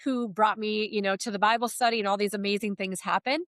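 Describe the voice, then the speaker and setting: A woman's voice: medium pitch, steady tone, fast talker, no room sound. A middle-aged woman giving a heartfelt faith testimony as a podcast guest, telling her story earnestly.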